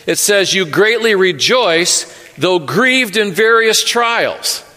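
Guy preaching in a church, high bright voice, echoey hall, repeats himself a lot. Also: animated, takes it slowly. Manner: earnest, repeats words, light humor. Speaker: pastor. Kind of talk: sermon. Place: church sanctuary. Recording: echoey sanctuary reverb.

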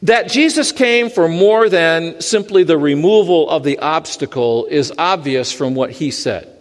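High-voiced man preaching in a reverberant hall. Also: a little slow. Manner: animated preaching with dry humor. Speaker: pastor. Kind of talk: sermon.

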